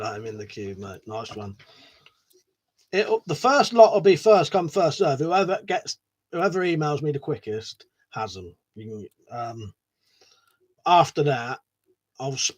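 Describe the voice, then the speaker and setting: Swearing, rambling man on a live stream. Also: medium pitch. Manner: swears a lot, rambling, laughs often. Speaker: livestream host. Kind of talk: casual live stream chat reading comments.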